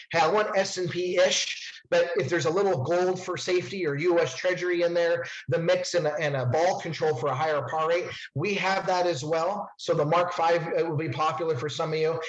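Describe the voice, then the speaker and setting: Man, product presentation, upbeat, salesy, higher voice, slightly muffled recording. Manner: upbeat, salesy, quick asides to agents. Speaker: presenter to insurance agents.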